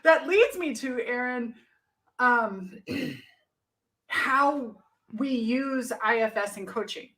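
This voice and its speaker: Woman coach, casual podcast talk, lively and profane, slightly high pitch. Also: extremely slow, pauses often. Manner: animated, swears freely, laughs often.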